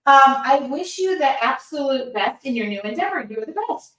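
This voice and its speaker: A woman's voice: sits high, expressive, moderate pace, a bit bright, far from the mic. A woman hosting a live art demo, chatting casually and reading viewer comments aloud as she paints. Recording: roomy sound, voice somewhat off-mic.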